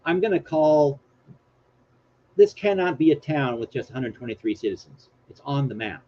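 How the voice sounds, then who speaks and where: With lively intonation and a moderate pace, a man with a fairly high voice hosts a casual live stream, rambling, joking at his own expense, and reading his screen aloud. The recording sounds dull and lo-fi, with a little hiss.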